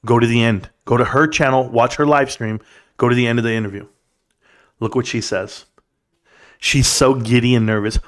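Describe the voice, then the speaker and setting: A man hosting a casual livestream, ranting and mocking in an animated way as he reads viewer comments. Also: mid-range voice, moderate pace. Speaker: livestream host.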